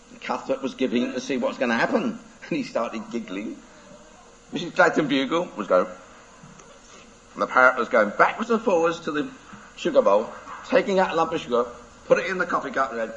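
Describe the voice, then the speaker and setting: A man's voice: on the high side, moderate pace. A man, a preacher telling a playful story to children. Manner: lively, playful, laughs through the telling. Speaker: preacher giving a children's talk. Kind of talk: animated storytelling. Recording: dull lo-fi recording.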